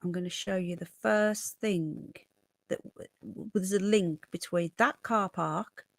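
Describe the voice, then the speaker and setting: A woman's voice: lowish voice, a little slow, gravelly, dry recording, clean studio sound. A woman hosting a casual livestream, chatting with viewers and thanking them by name. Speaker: livestream host.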